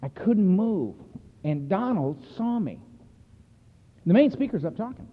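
A man addresses a recovery meeting, telling his story in a blunt, earthy, emphatic way. His voice sits a little high for a man. It rings through a reverberant hall and comes across thin and phone-like. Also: very animated, unhurried, slightly rough. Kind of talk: personal recovery talk to a meeting. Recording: echoey hall over a tinny phone-like line.

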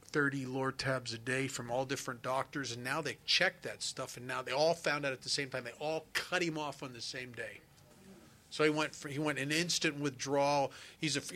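A man's voice: fairly high pitch, sharp tone. A man speaking at a recovery meeting, telling a personal story in an earnest, conversational way and acting out the dialogue. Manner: storytelling, acts out quoted dialogue.

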